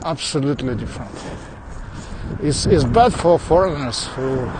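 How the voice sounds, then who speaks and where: A man with a mixed foreign accent chats easily with viewers as he walks along suburban streets, his voice sitting in a middle pitch. He talks through a phone carried in his hand. Clear outdoor noise and passing traffic run behind him. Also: animated, normal speed. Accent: mixed foreign accent in English. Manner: chatty, answers viewers as he goes, with small laughs and restarts. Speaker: livestreamer. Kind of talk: casual walking livestream chat. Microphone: phone carried while walking.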